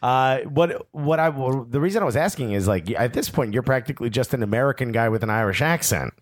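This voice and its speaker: A man's voice: medium pitch, animated, a little fast, dry recording. A man hosting a podcast, playful and teasing in casual chat. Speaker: podcast host.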